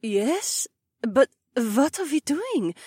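A gentle dragon-kin woman speaks softly and soothingly, voiced by a woman. Her voice sits fairly high and moves with lively intonation. The audiobook sound is dry and close. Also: extremely slow, dry recording, heavily acted. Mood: earnest. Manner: soft, soothing. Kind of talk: audiobook character voice.

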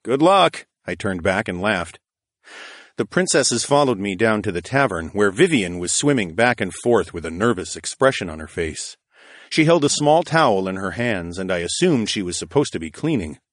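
A man narrating a first-person fantasy story in a steady, even storytelling voice. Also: lowish voice, normal speed, dry recording, clean studio sound. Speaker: audiobook narrator.

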